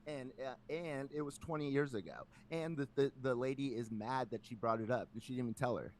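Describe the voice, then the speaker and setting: A man hosting a casual podcast, ranting in an animated way with lots of filler words. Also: mid-range voice, brisk, a little hiss or hum. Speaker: podcast host.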